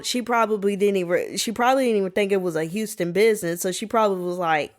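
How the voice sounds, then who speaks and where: A woman hosting a solo podcast, telling stories in a sassy, animated way. She talks casually, saying "y'all" and "baby", and puts on playful voices when she quotes people. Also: mid-range voice, brisk, few pauses. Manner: colloquial, says "y'all" and "baby". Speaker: podcast host.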